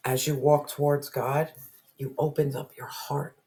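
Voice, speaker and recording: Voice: mid-range voice, flat delivery, unhurried, mellow. An intense tarot reader delivering a heartfelt spiritual reading. They hammer points home by repeating lines and sometimes sink into a whisper, with the odd curse word slipping out. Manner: emphatic, repeats phrases, drops to whispers, swears.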